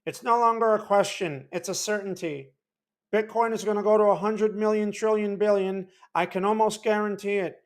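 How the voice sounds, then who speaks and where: A man's voice: high voice, steady tone, normal speed, pitched above the performer's own voice, natural voice. A man putting on an impression of a smugly certain crypto evangelist with a small, mousy voice. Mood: smug hype.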